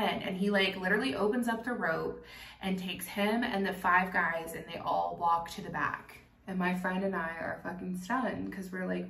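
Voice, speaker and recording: A young woman with a mid-range voice tells a candid, animated story straight to camera, laughing easily and swearing freely. Her voice carries the echo of a bare room, picked up from a few feet away. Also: lowish voice, moderate pace, gravelly, recorded from a distance. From Kentucky. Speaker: vlogger. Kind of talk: casual storytime while doing makeup.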